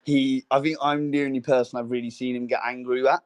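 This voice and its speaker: A young man co-hosting a casual podcast, telling a story with many fillers and restarts and acting out quotes in a higher voice. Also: flat delivery, fast talker, smooth. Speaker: podcast co-host. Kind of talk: casual chat.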